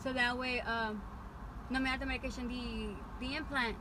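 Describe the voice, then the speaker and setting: A woman's voice: on the high side, fairly even intonation, normal speed. A woman in her twenties telling a storytime vlog, chatty and profane, rambling through asides as she retells what was said. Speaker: vlogger. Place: in a car on a bumpy city street. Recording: loud road and engine noise in a car.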